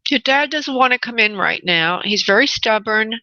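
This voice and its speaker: A woman's voice: on the high side, lively intonation, normal speed, sharp tone, no echo. A woman hosting a call-in radio show as a spirit medium, chatty and affectionate, calling callers honey and laughing readily. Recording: slightly dull radio audio.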